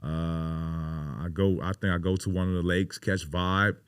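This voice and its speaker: Deep-voiced man telling stories emphatically. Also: steady tone, measured pace, clean tone, no room sound, studio quality. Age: 30s. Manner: emphatic, profane, heavy on "you know" fillers. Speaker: podcast guest, pro basketball player. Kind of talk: casual interview storytelling.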